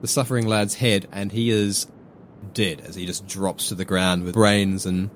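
A man's voice: lowish voice, steady tone, moderate pace, slight background noise. A man narrating casually as game master in a tabletop role-play game.

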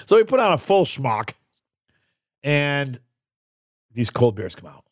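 An animated man co-hosts a casual talk show and tells a story with plenty of swing in his pitch. He drops his voice low to act out what others said. The recording is close and dry. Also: slow, dry recording. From upstate New York. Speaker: podcast co-host.

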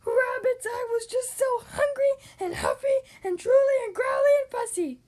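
A woman voicing a hungry, growly young wolf boy who calls out in long, drawn-out howls. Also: extremely high pitch, lively intonation, a little mellow, pitched above the performer's own voice. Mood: joyful.

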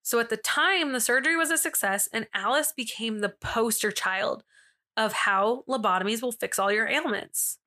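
A woman's voice: a little high, normal speed, pushed and bright. A young woman hosting a casual storytelling podcast, chatty and full of fillers and asides. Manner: chatty, filler-heavy, with frequent asides and laughs. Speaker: podcast host.

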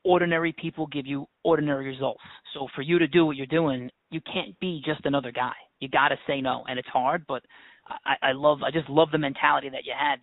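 A man's voice: mid-range voice, gravelly, no echo, phone-quality sound. A man hosting a podcast in casual conversation, talking emphatically like a coach. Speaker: podcast host.

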